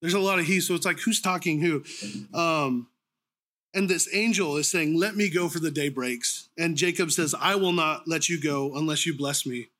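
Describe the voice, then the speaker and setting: A man preaches in a loose, conversational way, stumbling and restarting as he thinks aloud. His voice sits a little high for a man and has a bright, forward edge. Now and then he pauses to clear his throat. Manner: informal, conversational preaching with frequent ums and restarts. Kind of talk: sermon.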